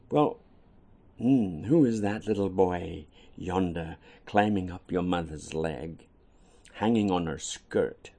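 Gravelly-voiced man reading poems. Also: fairly low pitch, expressive, dark tone. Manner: unhurried, storytelling delivery with voiced dialogue. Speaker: poet reading his own work. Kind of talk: poetry reading.

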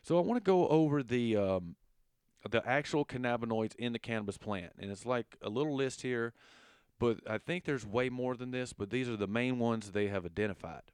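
A man with a Southern accent giving a casual lesson, relaxed and full of fillers, stumbling over long chemical names. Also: mid-range voice, normal speed, clear, resonant tone, no echo, studio quality. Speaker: educator.

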